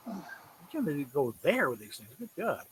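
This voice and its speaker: A man's voice: a little high, wildly swooping pitch, fairly quick, slight background noise, poor audio. A man in casual commentary chat, mostly murmuring agreement and dropping sardonic asides. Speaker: host.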